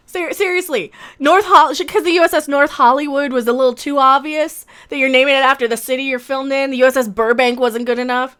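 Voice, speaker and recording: High, bright-voiced ranting woman. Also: steady tone, normal speed, long pauses. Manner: sarcastic, ranting, swears often. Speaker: reaction video host. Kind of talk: live-streamed reaction commentary.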